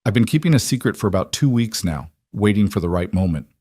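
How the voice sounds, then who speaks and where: A man lending his low voice to a gentle young wife on the frontier, earnest and tender, speaking softly in a western storybook tale. The recording is dry and close, with no room sound at all. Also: expressive, fast talker, breathy edge, dry recording.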